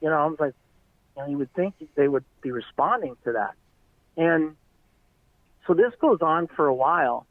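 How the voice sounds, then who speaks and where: A man's voice: a little high, lively intonation, moderate pace, pauses often, no echo. A middle-aged man, an eyewitness guest, earnestly telling a long story in casual, rambling talk over a tinny phone line.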